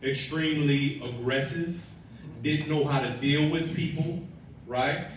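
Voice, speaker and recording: A man's voice: fairly high pitch, measured pace, background noise. A man leading a team talk, speaking directly and instructively to his audience. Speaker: team leader interviewing a partner. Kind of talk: motivational talk to a live audience. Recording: echoey room from far off, faint crowd.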